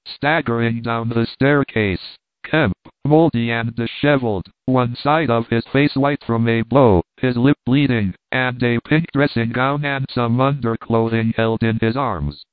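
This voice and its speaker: A man's voice: mid-range voice, fairly even intonation, measured pace, no echo. Man narrating over thin, phone-like audio. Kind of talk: scripted narration of a classic novel.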